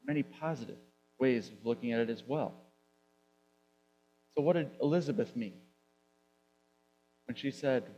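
A man's voice: mid-range voice, mellow, highs cut off, slight background noise. Conversational male pastor preaching. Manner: conversational, rhetorical questions, drawn-out emphasis. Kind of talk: sermon. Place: church sanctuary.

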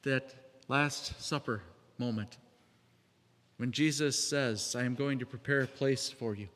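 In a reverberant hall, a man with a medium-pitched, slightly bright voice preaches a sermon unhurriedly and conversationally. Now and then he acts out the voices of the people he quotes.

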